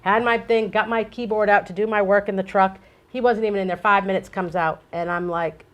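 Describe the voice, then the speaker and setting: A woman's voice: medium pitch, quick pace. Middle-aged woman yakking away, acts out all the voices in her stories. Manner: animated storyteller, acts out dialogue. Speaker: co-host. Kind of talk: casual chat.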